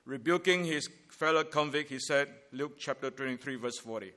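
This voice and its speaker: A man preaching a Good Friday sermon in an emphatic, deliberate way, stressing his key phrases. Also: mid-range voice, sharp tone.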